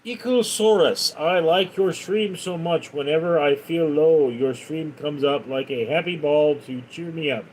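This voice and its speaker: A man's voice: a little high, measured pace, hardly any pauses, a little mellow, a little hiss or hum, rough recording. A man hosting a live stream, casually reading out viewers' comments and answering them with chatty stories. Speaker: livestream host.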